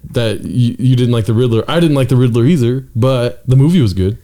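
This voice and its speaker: A man's voice: medium pitch, fairly quick. A man, a comedian guest on a podcast, chatting casually and defending himself with lots of swearing. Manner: animated, defensive, swears a lot.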